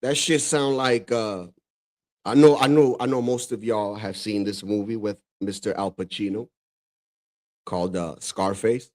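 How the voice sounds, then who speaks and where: A man from the Dominican Republic hosting a casual reaction stream, talking in a loose, profane, excitable way and laughing often. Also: fairly low pitch, unhurried. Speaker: streamer host reacting to clips.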